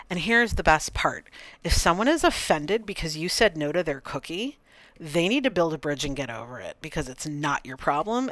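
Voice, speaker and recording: A woman coach talks through her podcast in a low, steady voice. She sounds calm and encouraging as she demonstrates for her listeners. The sound is dry and close, with no room echo.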